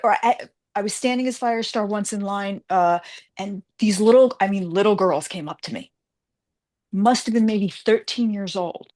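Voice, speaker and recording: A woman's voice: medium pitch, moderate pace, a little mellow. A woman guest author in a casual interview, telling stories animatedly and acting out the voices of the people she quotes.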